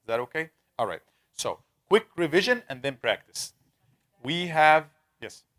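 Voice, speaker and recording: Man, teacher, fairly high voice, drawn-out repeated sounds, questions the class. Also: very animated, a bit bright. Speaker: tajweed teacher. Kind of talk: interactive classroom lesson.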